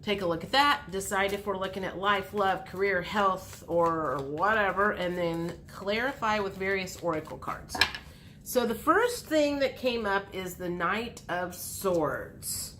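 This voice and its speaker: Slow, bright-voiced woman tarot reader. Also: slight background noise. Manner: muses aloud as she reads the cards; lively, acts out dialogue with big pitch jumps. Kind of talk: tarot card reading, thinking aloud.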